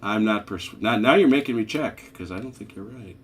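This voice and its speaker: A man with a fairly low voice referees a tabletop naval battle in easygoing chat. He calls out dice rolls and hits as they land, and a faint hum sits behind him. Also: lively intonation, fairly quick. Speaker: game referee. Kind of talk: casual tabletop game chat.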